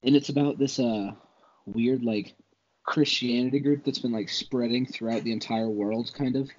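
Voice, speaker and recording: A man's voice: mid-range voice, steady tone, moderate pace, darkish tone. A man co-hosting a podcast in casual chat, rambling and full of filler words. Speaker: podcast co-host. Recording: dull lo-fi podcast audio.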